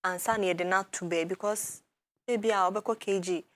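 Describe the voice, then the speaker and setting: A woman with a Ghanaian accent hosting a studio talk show, lively and switching quickly between Twi and English. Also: medium pitch, no room sound.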